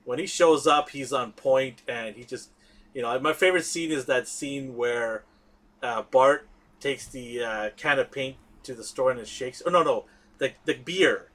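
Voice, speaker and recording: A middle-aged man hosting a podcast in casual chat, animated, laughing often and trailing off with fillers. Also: mid-range voice, measured pace. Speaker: podcast host.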